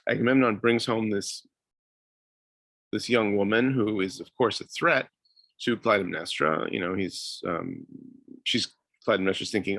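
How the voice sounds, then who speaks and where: Gravelly, hesitant male lecturer. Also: lowish voice, measured pace, pauses often, a bit bright, dry recording. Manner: hesitant, many fillers and restarts. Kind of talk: university lecture.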